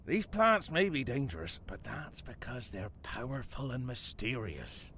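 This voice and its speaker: An actor voicing a dead older English gardener with a West Country accent, dry and darkly playful, in a video game. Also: male voice, medium pitch, wildly swooping pitch, unhurried, bright, forceful tone, a little hiss or hum, full character voice. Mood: sly. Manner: wry, theatrical, darkly playful.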